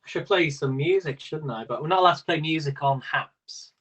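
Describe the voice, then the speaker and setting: A man's voice: fairly high pitch, brisk, fairly bright tone, highs cut off. Chatty man hosting a quiz. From Britain. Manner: chatty and rambling, laughs often. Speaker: quiz host. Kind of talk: casual live-stream quiz hosting.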